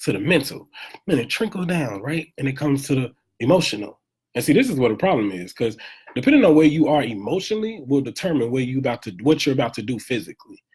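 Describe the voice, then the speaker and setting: A man talking casually in a preachy, animated motivational monologue, live from home, repeating phrases for emphasis. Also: mid-range voice, fast, breathy edge.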